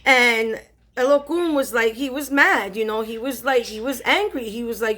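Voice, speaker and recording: A woman spiritual reader casually retelling a story in slangy, animated speech with lots of fillers. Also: a little high, normal speed, a little hiss or hum.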